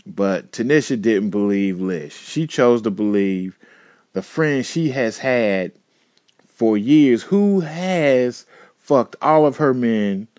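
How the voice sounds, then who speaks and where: A man's voice: mid-range voice, dry recording. A man telling a profane personal story in a laid-back, digressive way, full of fillers. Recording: dull, dry lo-fi recording.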